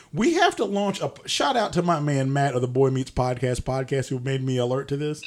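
Young male podcast co-host, a bit higher-pitched, full of lively mock disbelief, with profanity and laughs breaking into his lines. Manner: animated, mock-incredulous, swears, laughs mid-sentence. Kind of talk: comedic podcast banter.

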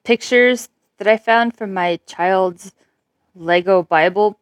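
A woman's voice: medium pitch, slow, dry recording. A woman in casual, crude banter, brash and profane, laughing often.

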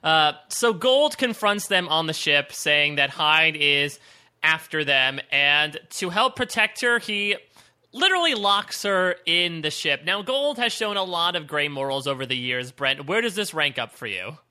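A man's voice: a little high, unhurried, smooth. A man co-hosting a TV recap podcast in casual, joking chat. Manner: animated, joking, laughs often. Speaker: podcast co-host.

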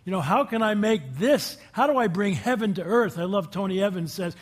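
A man with a notably high voice delivers an inspirational talk before a live audience. He speaks in a folksy, storytelling way, breaking off to ask his listeners questions. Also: animated, brisk. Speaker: guest speaker addressing a group.

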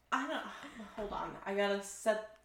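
A woman's voice: mid-range voice, gravelly. A woman co-hosting a casual chat podcast, telling stories in a loose, swearing, laughing manner. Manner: storytelling, swearing freely, laughing. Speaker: podcast co-host. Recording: roomy echo.

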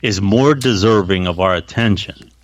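A man's voice: on the low side, moderate pace, no echo. A man co-hosting a casual podcast chat, mostly agreeing with short replies. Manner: agreeable, brief backchannel replies. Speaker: podcast co-host.

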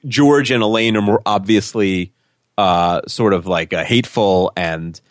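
A man's voice: fairly low pitch, unhurried, no room sound, clean studio sound. A man co-hosting a podcast, talking casually and rambling, with many restarts and "like" fillers. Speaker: podcast co-host.

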